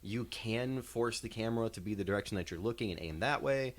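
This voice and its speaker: A man's voice: on the low side, brisk. A man co-hosting a casual podcast chat, explaining his views on a game at length. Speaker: podcast co-host reviewing games and movies.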